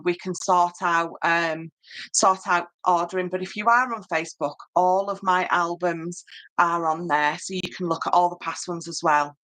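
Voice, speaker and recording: Bright-toned Yorkshire woman teaching crafts. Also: fairly low pitch. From Yorkshire, England. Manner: chatty, reads out and answers viewer comments, many ums. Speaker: papercraft tutor on a live stream. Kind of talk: casual live-stream craft tutorial.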